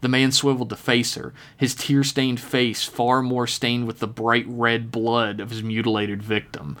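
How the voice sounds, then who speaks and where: A man reading a dark horror story aloud in a steady, measured narration. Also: mid-range voice. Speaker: podcast storyteller.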